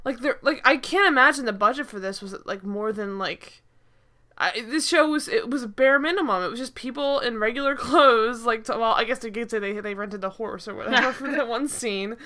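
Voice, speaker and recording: A woman's voice: a little high, fairly quick, bright, forceful tone. A woman co-hosting a podcast, chatting casually about a TV episode in a rambling way, full of "like" and restarts. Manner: rambling, heavy use of "like", frequent restarts. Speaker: podcast co-host. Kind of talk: casual chat reviewing a TV episode.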